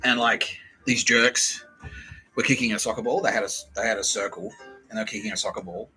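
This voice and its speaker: An Australian podcast host tells a casual story in an animated way, swearing often and acting out the voices of the people he quotes. His voice is lowish and a little fast. Soft music plays in the background of the low-quality recording.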